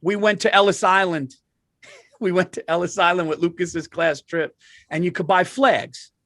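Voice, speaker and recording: A man co-hosting a podcast, telling animated comedic stories with lots of swearing and restarts. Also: high voice, normal speed, no room sound. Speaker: podcast co-host. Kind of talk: casual comedic chat.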